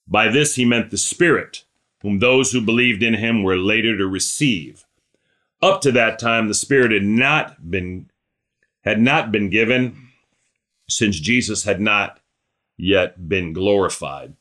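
A man's voice: on the low side, a little slow, pushed and bright. A man leading a small Bible study, reading scripture aloud and explaining it in a conversational way, often checking in with his listeners. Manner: talks things through, often checks in with "right?".

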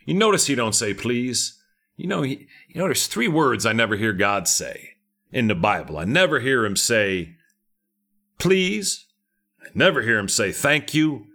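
A man's voice: medium pitch, pushed and bright. A middle-aged man preaching a sermon, fervent and emphatic, with lots of repetition.

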